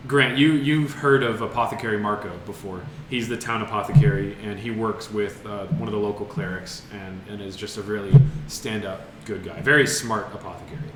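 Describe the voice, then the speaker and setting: A man's voice: on the low side, fairly even intonation, fairly quick, hardly any pauses, a bit bright, slight background noise. A man narrating a tabletop game as game master, describing scenes with frequent fillers. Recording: roomy echo with music behind.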